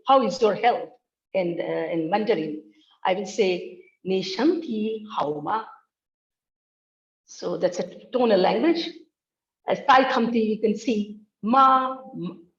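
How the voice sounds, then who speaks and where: Woman giving a linguistics talk, slow careful delivery, kinda muffled audio. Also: medium pitch. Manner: careful, demonstrates tones by example. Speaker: linguistics researcher presenting. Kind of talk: academic talk.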